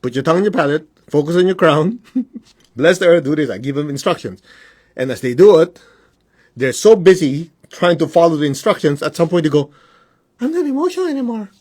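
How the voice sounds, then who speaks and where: A man who works as a spiritual teacher, giving a casual teaching on a live stream. He talks conversationally, keeps asking whether things make sense, and mimics his students in high voices. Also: a little fast, darkish tone, slightly rough. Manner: conversational, asks the audience whether it makes sense.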